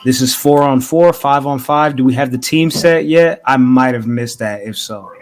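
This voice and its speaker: A man's voice: medium pitch, moderate pace. Laid-back man in casual chat. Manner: relaxed, agreeable, slangy. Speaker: podcast co-host.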